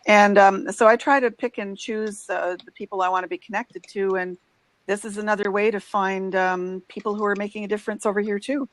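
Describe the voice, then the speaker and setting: A woman's voice: medium pitch, fairly even intonation, fairly quick, rough recording. Chatty woman in her sixties. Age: 60s. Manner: effusive, chatty. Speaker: guest. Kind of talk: casual video chat.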